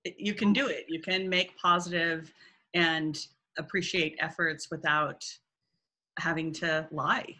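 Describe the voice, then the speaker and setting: Bright, animated woman dating coach. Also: sits low, unhurried. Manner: animated, acts out quoted voices. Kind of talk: casual advice talk.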